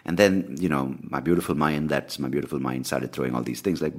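A man hosting a podcast, telling a personal story in a candid, animated way with plenty of swearing. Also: very deep voice, moderate pace, hardly any pauses. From India. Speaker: podcast host. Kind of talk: casual ranting monologue.

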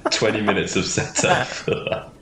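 A man's voice: lowish voice, big pitch swings, moderate pace, a bit bright. A man co-hosting a podcast in casual comedic banter, rambling and laughing often. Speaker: podcast co-host. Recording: echoey room with background noise.

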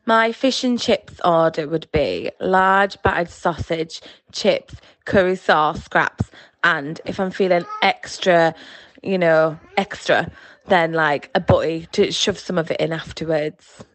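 A woman calling in to a podcast with a recorded listener message, relaxed and chatty. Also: lowish voice, takes it slowly, no echo. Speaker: caller.

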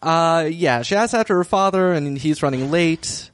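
A man's voice: on the high side, normal speed, no room sound. A man co-hosting a podcast, recapping a drama in wry casual chat and laughing often. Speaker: podcast co-host.

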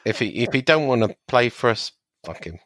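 A man with an Estuary English accent talks as a laid-back podcast co-host and football reporter, agreeable and fond of explaining at length. His voice sits at an ordinary pitch. The recording is dry and close. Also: big pitch swings, fairly quick, fairly bright tone, no echo. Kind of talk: casual chat.

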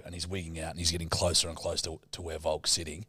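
A man's voice: deep voice, level tone, rapid-fire, few pauses, fairly bright tone, slightly rough, dry recording, clean studio sound. A man, hosting a podcast and telling a story in casual, profane, laughing chat. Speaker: podcast host.

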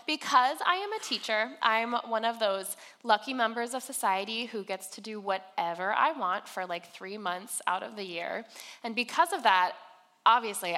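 A woman's voice: a little high, animated, measured pace, sharp tone. A young adult woman giving a conversational sermon, chatty and storytelling, with fillers like "um" and "like", recorded in a church hall. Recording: long reverb of a large hall.

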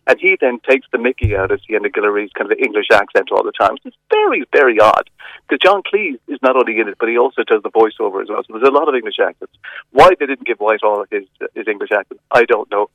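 A middle-aged man reviewing a film over the phone, chatty and hesitant, with many restarts and lively emphasis. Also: fairly low pitch, fast talker, dry recording. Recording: dull phone line.

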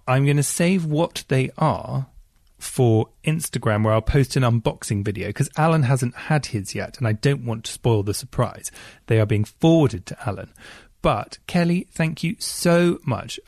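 A chatty man co-hosts a podcast, reading listener emails in a playful, expressive way. His voice has a gravelly edge. He is recorded close on a dry, dead mic. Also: medium pitch, dry recording. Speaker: podcast co-host.

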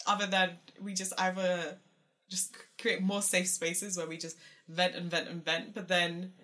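A woman's voice: on the low side, flat delivery, moderate pace, a bit bright. A woman hosting a casual conversation, reflective and frank. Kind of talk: casual chat.

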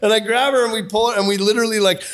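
Rambling storyteller man, slightly high voice. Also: fairly even intonation, rapid-fire, fairly bright tone. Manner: rambling, self-interrupting, laughs through punchlines. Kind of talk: casual storytelling.

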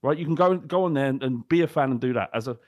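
A man's voice: medium pitch, quick pace, darkish tone, no echo, studio quality. Blunt, sweary ranting podcast man. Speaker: podcast co-host. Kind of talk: casual chat.

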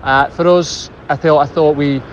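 A man guesting on a fan podcast, speaking in a measured, analytical way. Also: fairly high pitch, fairly even intonation. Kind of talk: casual analytic chat. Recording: dull lo-fi sound with faint noise.

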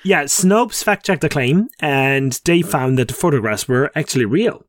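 A man's voice: on the high side, animated, moderate pace, no room sound, studio quality. A man co-hosting a podcast in casual chat. He jokes, laughs at his own puns and often restarts his sentences. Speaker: podcast co-host.

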